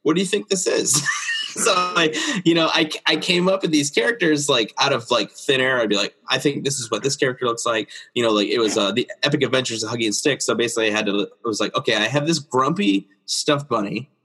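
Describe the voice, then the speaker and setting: A man with a slightly husky voice sits down for a casual interview chat. He tells stories about his art with plenty of laughter and pops up into a high register to mimic the people he quotes. He sounds like a friendly illustrator in his thirties. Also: quick pace. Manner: animated storyteller, acts out quotes in a high voice, laughs often. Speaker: children's book illustrator, guest.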